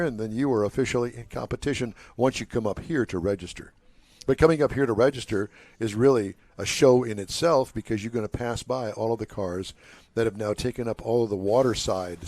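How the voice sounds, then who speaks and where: A man's voice: mid-range voice, darkish tone, dry recording. An older man hosting a live talk show from a car show, chatty and joking with his co-hosts. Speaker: host. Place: outdoor waterfront car show.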